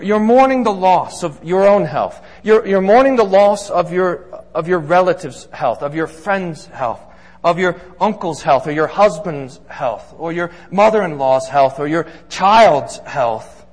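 A man's voice: high voice, lively intonation, a little slow. A man preaching as a pastor, earnest and emphatic, building points through repeated lists in a sermon. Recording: long reverb of a large hall.

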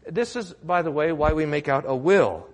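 A man's voice: a little high, normal speed, long reverb tail. A man preaching a sermon in a church, telling the story with drama and building to emphatic declarations. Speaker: pastor.

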